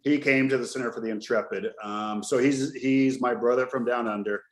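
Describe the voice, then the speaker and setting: A man's voice: medium pitch, steady tone, fairly quick. A middle-aged man hosting a podcast, talking in a loose, jokey way and spinning stories as he goes. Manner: chatty storyteller, jokey and loose. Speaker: podcast host. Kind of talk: casual chat. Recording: roomy echo.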